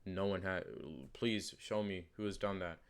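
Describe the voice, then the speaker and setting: A man's voice: sits low, flat delivery, moderate pace, clear, resonant tone. A man talking casually to camera as the host of his own channel. He rambles through his predictions with lots of fillers, restarts and emphatic repeats. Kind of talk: casual unscripted commentary.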